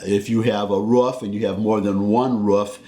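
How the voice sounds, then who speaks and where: A man's voice: lowish voice, steady tone, moderate pace, dark tone. A man from the American South with a Southern accent, vlogging in a rambling, folksy way and correcting himself as he goes. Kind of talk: casual talking-head monologue.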